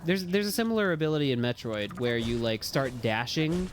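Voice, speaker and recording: A young man streaming a game live, chatting casually, rambling between topics and yelling and swearing at the enemies. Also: medium pitch, expressive, fairly quick, a little hiss or hum. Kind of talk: casual live gameplay commentary. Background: game music.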